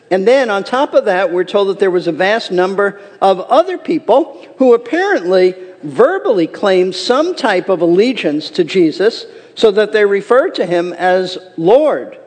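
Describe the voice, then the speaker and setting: A man's voice: sits high, a little mellow, in a large hall. A man preaching a sermon as a pastor, earnest and emphatic, reading scripture aloud.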